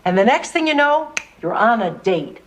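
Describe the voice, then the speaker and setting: A woman's voice: on the high side, big pitch swings, normal speed, a little hiss or hum. An actress playing a bubbly woman who coaxes a friend with eager dating advice in a sitcom. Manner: eager, coaxing. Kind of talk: sitcom acting.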